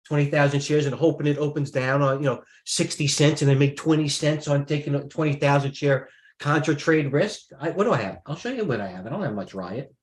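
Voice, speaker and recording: A man's voice: fairly high pitch, brisk, roomy sound. A man trading live, talking through his positions in a rambling way, restarting his sentences and thinking aloud. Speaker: trader.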